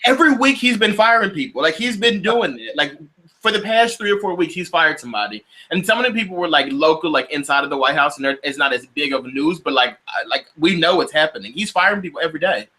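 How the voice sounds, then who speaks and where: Fast-talking bright-voiced man. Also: fairly high pitch, animated. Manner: rapid, filler-heavy with "like". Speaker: podcast co-host. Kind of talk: casual chat.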